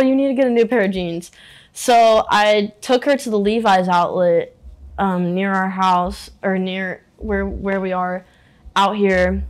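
A young adult woman in a candid interview, talking in a halting, emotional way and using "like" a lot. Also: mid-range voice. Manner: halting and emotional, many filler "like"s.

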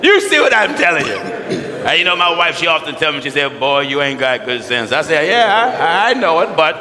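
An American pastor preaching a sermon in a folksy, animated way, acting out the people he talks about. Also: fairly high pitch, moderate pace, a crowd in the background. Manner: animated, folksy, mimics people with shouts and laughs. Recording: echoey church hall, long reverb.

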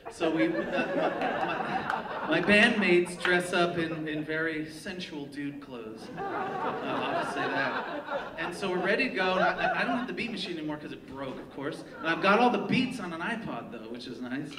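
A man telling a personal story live on a theater stage, animated and profane, laughing at his own tale. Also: fairly high pitch, normal speed, a loud crowd. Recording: echoey live theater sound, mic from a distance. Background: audience laughter and room ambience.

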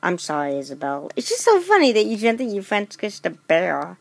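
A woman's voice: medium pitch, wildly swooping pitch, fairly quick, vocal fry, heavily acted. A woman voicing a teenage girl who teases her friend and then apologizes in a giggly, sorry way. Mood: teasing. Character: teasing teen girl, giggly but apologetic.

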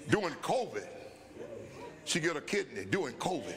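An older man, a bishop and pastor, preaching at a Bible study and telling stories that climb into shouts, in a church sanctuary. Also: fairly high pitch, big pitch swings, normal speed, crowd noise. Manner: storytelling preacher, rising to shouts. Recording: long church-hall reverb.

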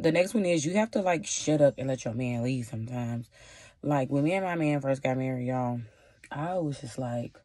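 A woman's voice: low voice, mellow, no echo. A woman in her twenties giving casual advice in a chatty, sassy vlog, talking straight to her viewers with plenty of slang. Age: 20s. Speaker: vlogger.

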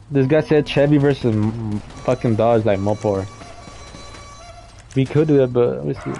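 A man's voice: medium pitch, normal speed, gravelly, long pauses, warm tone, soft background music. A young man hosting a live game car meet, talking in loose slang and calling players in by name. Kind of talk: casual live-stream commentary.

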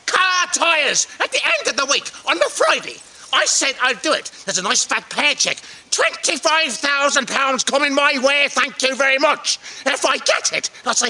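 A man's voice: very high voice, very animated, normal speed, pushed and bright, slight background noise. A man from England, an actor hosting his own vlog, giving a theatrical, exclamatory update in a sing-song delivery.

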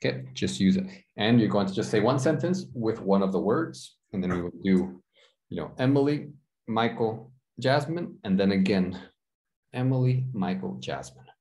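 A man's voice: lowish voice, expressive, normal speed, a little mellow. A man teaching an online English class, encouraging and explaining with examples. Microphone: video call.

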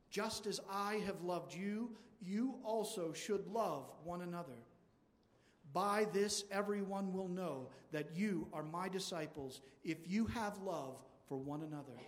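A man's voice: high-pitched, fairly bright tone. A man preaching a sermon in a church, asking rhetorical questions again and again. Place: large church. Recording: long church reverb.

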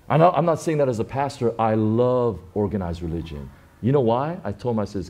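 A middle-aged pastor preaching a sermon, telling stories with big swings from quiet and low to loud and high. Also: male voice, big pitch swings, fast talker.

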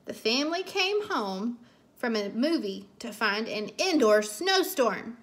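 A woman reads a children's picture book aloud, taking her time with every line. Her voice sits high and bright, and she leans into the story expressively. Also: sing-song, a little slow. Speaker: read-aloud narrator.

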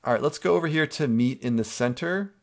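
A man's voice: mid-range voice, fairly quick, gravelly. A male art teacher narrating a screen-recorded drawing tutorial, explaining each step patiently and checking in with students with a frequent "okay?".

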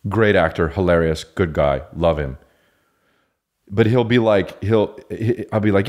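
Man, podcast host, very low voice, profane, digressive, self-mocking. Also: a little fast, darkish tone. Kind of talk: rambling comedic monologue.

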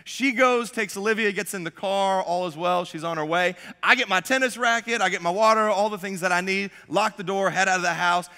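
Young male pastor, high bright voice, casual self-deprecating storyteller, church hall reverb. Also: brisk, hardly any pauses. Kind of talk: sermon. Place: church sanctuary.

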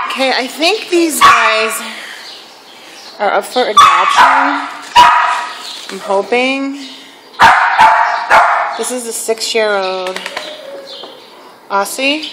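A woman's voice: on the high side, lively intonation, extremely slow, pauses often. A woman vlogging from an animal shelter, talking to the dogs in cooing baby talk. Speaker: vlogger visiting a dog shelter. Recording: noisy shelter with dogs barking. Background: dogs barking.

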